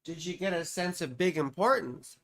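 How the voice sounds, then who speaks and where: A woman's voice: fairly low pitch, normal speed, fairly bright tone. A woman astrologer giving a live chart reading. She talks in a rambling way, drifts into asides, and calls the viewer sweetheart and baby.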